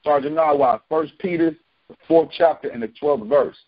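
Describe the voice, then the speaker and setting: A man's voice: on the high side, normal speed. A man leading a conference-call bible study, preaching with repeated phrases for emphasis. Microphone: phone conference call. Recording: dull lo-fi phone call.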